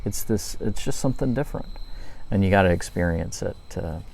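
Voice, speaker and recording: Man from Louisiana, gravelly, mellow dark tone, rambling casual review, crickets behind. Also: deep voice, a little fast, a little hiss or hum. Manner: relaxed, rambling, frequent ums and self-corrections. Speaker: pipe tobacco reviewer. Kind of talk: casual night-time review vlog.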